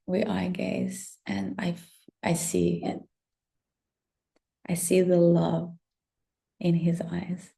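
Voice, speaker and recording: A young woman telling an emotional personal story to her listeners, swearing a lot and often dropping into soft whispers. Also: on the low side, gravelly. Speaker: spiritual content creator. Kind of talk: confessional storytelling to camera.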